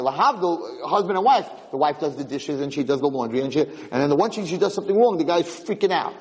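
A man teaching a Torah lesson in an excitable, repetitive way, restarting his sentences often. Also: fairly high pitch, fast, hardly any pauses, in a large hall, rough recording.

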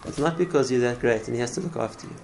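A man's voice: mid-range voice, racing, vocal fry, a little mellow, slight background noise, rough recording. A man teaching a religious class in an earnest way, often repeating words and restarting his phrases. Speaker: Torah teacher.

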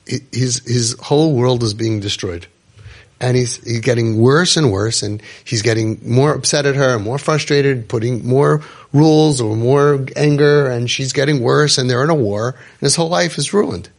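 A middle-aged man hosting a podcast, telling a story vividly and acting out what other people said. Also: mid-range voice. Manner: vivid retelling that acts out other people's words. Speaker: podcast host and parenting guide.

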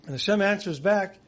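Rabbi a lilt, high-pitched, telling stories in a lecture and dropping soft for emotional moments. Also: male voice, vocal fry, breathy edge. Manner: tells stories with acted quotes, voice dropping soft for emotional lines. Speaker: rabbi giving a Tisha B'Av lecture. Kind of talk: storytelling sermon.

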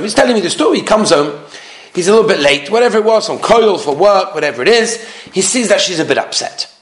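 A man, a rabbi, giving an animated lecture full of anecdotes, driving points home with emphatic repetition. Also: sits high. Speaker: rabbi giving a talk on marriage. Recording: roomy echo.

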